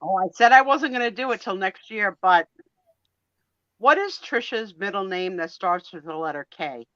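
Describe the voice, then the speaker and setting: A woman from New Jersey co-hosting a live online sale, telling stories in a chatty, animated way. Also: medium pitch, moderate pace, dry recording, dull audio. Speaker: co-host of live sale stream. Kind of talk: casual storytelling chat.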